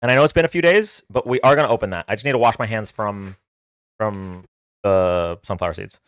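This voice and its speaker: Male livestream host; smooth, rambling storyteller with lots of fillers, dry close sound. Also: fairly low pitch, a little fast, no echo. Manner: rambling, filler-heavy, with frequent restarts. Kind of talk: casual storytelling.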